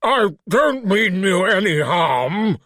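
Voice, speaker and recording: A man's voice: sing-song, a bit bright, dry recording, clean studio sound, heavily acted. A man doing a polite, refined cave monster. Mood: pleading. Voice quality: deep garbled voice, refined British. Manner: slow, courteous, apologetic.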